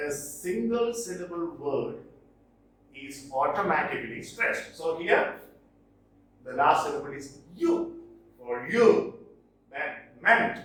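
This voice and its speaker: A male teacher gives a slow, deliberate poetry lesson, his pitch leaping up as he stresses and repeats words. His voice rings through a very echoey room, heard from some distance off the mic. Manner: emphatic, repeats key words slowly, with lively pitch jumps. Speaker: English teacher. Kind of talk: classroom lecture on poetry. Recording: roomy echo, distant from mic.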